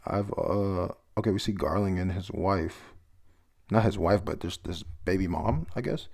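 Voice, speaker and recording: A man's voice: low-pitched, normal speed, gravelly, darkish tone. A young man casually reading through a comic chapter and commenting, rambling, stumbling over words and swearing now and then. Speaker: manga chapter reviewer.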